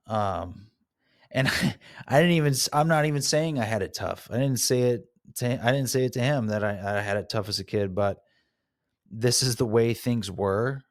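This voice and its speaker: A man with a fairly low voice talks through his own past in a solo podcast episode. He sounds candid and soul-searching, speaking off the cuff rather than from a script. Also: moderate pace. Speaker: podcast host. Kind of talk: reflective solo podcast monologue.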